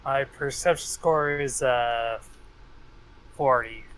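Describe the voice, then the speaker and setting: A man playing in a tabletop game, giving flat, unhurried replies in casual chat. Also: mid-range voice, rough recording. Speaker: player. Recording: clear background noise.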